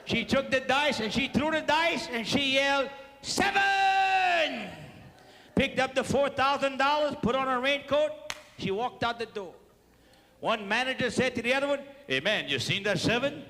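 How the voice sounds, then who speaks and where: A man with a Cajun accent telling animated stand-up stories to a live audience, slipping in French phrases and acting out sound effects. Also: extremely high pitch, normal speed. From South Louisiana. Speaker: comedic storyteller. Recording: long hall reverb, faint crowd and noise.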